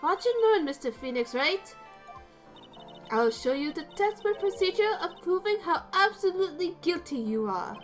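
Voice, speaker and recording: A woman voicing an arrogant young female prosecutor who talks in a shrill, commanding, scornful way. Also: sing-song, unhurried, hardly any pauses, fairly bright tone, soft background music, exaggerated voice. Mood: haughty.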